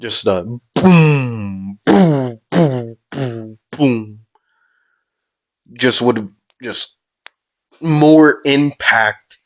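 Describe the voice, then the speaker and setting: A man's voice: medium pitch, lively intonation, drawn-out words, pauses often. A man improvising a fan-fiction fight story, rambling with hesitations and mouthed sound effects. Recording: dull lo-fi audio.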